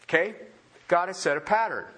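A man's voice: high-pitched, brisk. A man preaching a sermon, full of questions put to his listeners. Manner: animated, asks the congregation many questions. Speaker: pastor.

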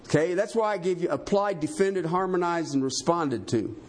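A pastor preaching a sermon in an emphatic, animated way, often checking in with his congregation. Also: high voice, normal speed.

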